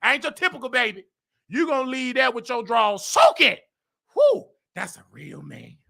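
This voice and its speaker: A man hosting his show, telling a story in a flamboyant, dramatic way, jumping between loud bursts and hushed asides. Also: very high-pitched, wildly swooping pitch, normal speed, creaky. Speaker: show host. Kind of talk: casual storytelling monologue.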